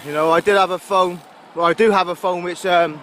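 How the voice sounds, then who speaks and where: His voice sits high and a bit bright, steady in tone and fairly quick, with a little hiss or hum in the recording. A touring cyclist vlogger with a Gloucestershire accent, he rides along a roadside chatting in a rambling, casual video diary, with fillers and laughs throughout.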